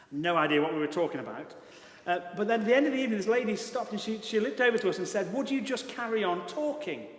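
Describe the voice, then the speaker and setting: A British man preaching a sermon as pastor, telling a story in an earnest, emphatic way. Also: high voice. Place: large church hall. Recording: echoey church hall.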